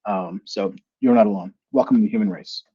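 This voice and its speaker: A man working as a solution engineer, telling stories in a casual panel chat and acting out the people he quotes with big jumps in pitch. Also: brisk, breathy edge. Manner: animated storytelling, voices quotes with pitch jumps. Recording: lo-fi video call audio.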